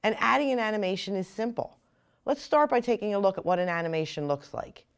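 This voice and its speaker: A woman explaining software step by step in a screen-recorded tutorial. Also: mid-range voice, animated, quick pace, clean tone. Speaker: software instructor.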